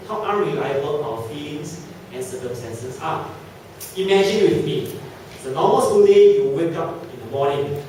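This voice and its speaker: A man preaching at a youth camp, telling stories with lively acted quotes. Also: a little high, a little hiss or hum. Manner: animated storytelling with acted quotes. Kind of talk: sermon. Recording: echoey room from a distance.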